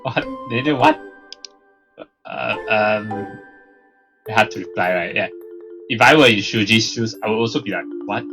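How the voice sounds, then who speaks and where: A woman's voice: extremely low pitch, measured pace, long pauses, music in the background. A woman hosting a let's play, reacting in disbelief to a visual novel with laughter and repeated questions. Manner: incredulous, laughing, repeating "what?". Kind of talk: game commentary.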